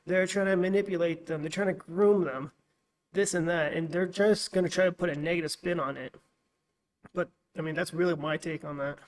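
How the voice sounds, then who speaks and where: A man speaking as a podcast guest in casual chat, explaining his views in a measured way. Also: fairly high pitch, steady tone, rough recording.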